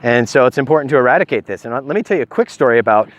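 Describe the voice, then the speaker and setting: A middle-aged vlogger sharing health advice rambles casually into a handheld phone on a stabilizer, short of breath and saying um a lot. His mid-range voice is animated and rapid-fire, with no echo.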